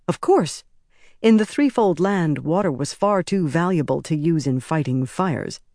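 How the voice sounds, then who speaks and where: A narrator reading a fantasy novel aloud in a measured, dramatic storytelling manner. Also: medium pitch, a little mellow, no echo, clean studio sound. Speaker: audiobook narrator. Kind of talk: scripted fantasy audiobook narration.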